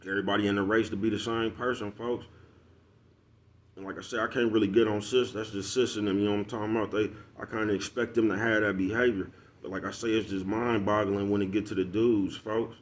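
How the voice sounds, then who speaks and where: A vlogger with a lowish, steady voice talks fast to his followers. His loose street-slang monologue is casual, broken up by frequent laughs and repeated asks of "you know what I'm talking about."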